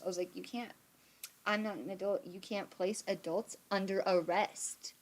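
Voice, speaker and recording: Her voice sits in the mid-range at a moderate pace. She's a young adult on a live stream, computer mic, casually spinning an animated story full of swearing and acted-out quotes.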